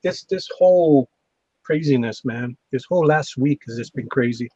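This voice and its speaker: A man's voice: medium pitch, moderate pace, mellow, slightly rough, dry recording. A man co-hosting a stream, teasing and bantering with his friends. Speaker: regular co-host. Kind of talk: casual live-stream chat. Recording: dull muffled mic.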